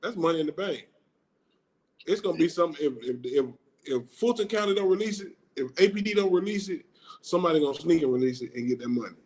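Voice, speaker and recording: A man's voice: fairly high pitch, lively intonation, quick pace, darkish tone. A man co-hosting a casual online talk show, wry and joking, with heavy slang. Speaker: podcast co-host. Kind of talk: casual chat.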